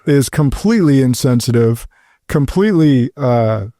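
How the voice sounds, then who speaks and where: A middle-aged man hosting a roundtable podcast, speaking earnestly and in a measured way. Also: mid-range voice, lively intonation, mellow, no room sound, studio quality. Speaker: podcast host. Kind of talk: roundtable discussion.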